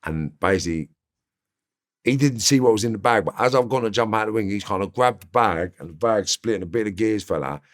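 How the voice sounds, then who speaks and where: A man with a very deep voice, telling blunt, slangy stories about his past as an interview guest. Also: a little fast. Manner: blunt, swears freely, slangy. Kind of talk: casual storytelling.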